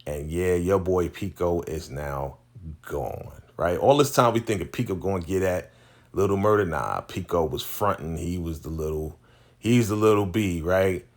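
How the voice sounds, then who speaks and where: Deep-voiced man recapping a TV episode. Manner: animated, acts out dialogue in quick character voices. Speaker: TV recap vlogger. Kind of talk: casual episode recap, retelling scenes.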